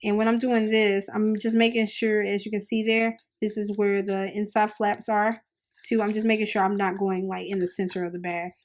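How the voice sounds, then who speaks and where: A woman's voice: medium pitch, flat delivery, normal speed. A woman hosting a crafting tutorial, chatting upbeat and casual while she works with her hands. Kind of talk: casual how-to demonstration.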